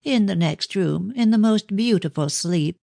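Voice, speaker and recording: A woman's voice: mid-range voice, expressive, measured pace, gravelly, no room sound, studio quality, voice pushed up. A woman playing a fussing old nurse. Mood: fond. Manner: warm and fussing, with "my dear". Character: motherly old woman, fond and talkative nurse.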